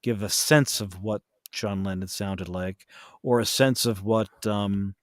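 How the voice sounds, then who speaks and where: A man talking casually as a podcast guest about narrating audiobooks, chatty and lively with quick bursts. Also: on the low side, no echo, studio quality. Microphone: podcast studio mic.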